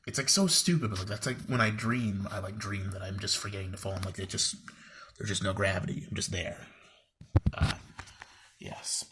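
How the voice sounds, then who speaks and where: A young man with a low-pitched, steady voice talks at a moderate pace over a noisy background, casually showing his book collection from a home room with bookshelves. His vlog chat rambles, full of fillers and wry asides.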